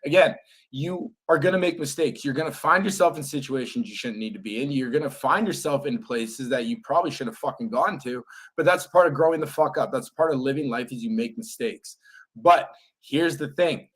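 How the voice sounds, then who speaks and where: A man's voice: medium pitch, expressive, brisk, husky. A young man co-hosting a casual podcast, blunt and emphatic, swearing constantly as he lectures with motivational drive. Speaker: podcast co-host.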